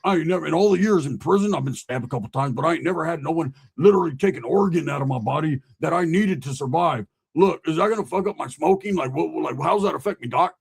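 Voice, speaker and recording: A man voicing a hot-headed male convict friend in a hospital bed, shouting and swearing. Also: a little high, quick pace, vocal fry, few pauses, husky. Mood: angry threatening. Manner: shouting, profane, threatening.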